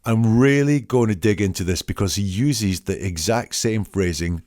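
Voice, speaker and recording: A man's voice: fairly low pitch, normal speed, darkish tone, no echo, studio quality. A man who hosts a commentary show, reading quoted lines aloud and picking apart their wording in an analytical way. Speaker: host analysing statements. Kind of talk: solo commentary.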